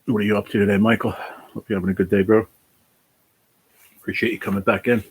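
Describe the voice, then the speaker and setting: A man's voice: lowish voice, level tone, quick pace, husky. A worn-out man chatting casually on a livestream, reading and answering chat, sighing and swearing now and then. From New Jersey.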